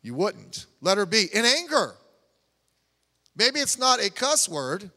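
High, bright-voiced preacher in a reverberant church. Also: male voice, sing-song, slow. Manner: conversational preaching with asides and restarts. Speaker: pastor. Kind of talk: sermon. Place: church sanctuary. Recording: long church hall reverb.

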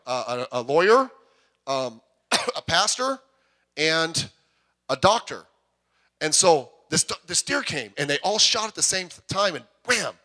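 A man's voice: fairly high pitch, bright, forceful tone. A man pastor preaching a sermon in a church, talking in a conversational way with asides and jokes. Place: church sanctuary.

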